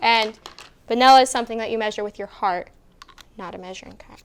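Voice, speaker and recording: A woman's voice: fairly high pitch, quick pace, a little hiss or hum. A young woman co-hosting a casual student cooking show, explaining each step and teasing her partner. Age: young adult. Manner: bossy, teasing, explains steps.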